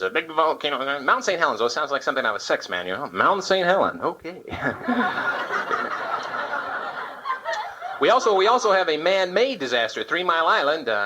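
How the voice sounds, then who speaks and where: A man doing a live stand-up set, firing off topical political one-liners and slipping into short sung bits. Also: mid-range voice. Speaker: stand-up comedian. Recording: old live club tape with loud hiss. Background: audience laughter.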